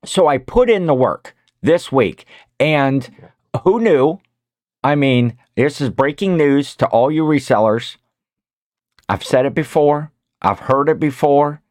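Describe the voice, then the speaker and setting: A man co-hosting a podcast, talking casually in a rambling, animated way with many restarts. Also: on the high side, slow, no echo, studio quality. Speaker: podcast co-host. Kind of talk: casual chat.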